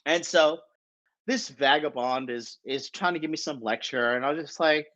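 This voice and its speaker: A man's voice: fairly high pitch, moderate pace, fairly bright tone, dull audio. A man telling a story in a casual, rambling way, swearing often and tagging lines with "right?". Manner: profane, rambling, keeps asking "right?". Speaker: podcast storyteller.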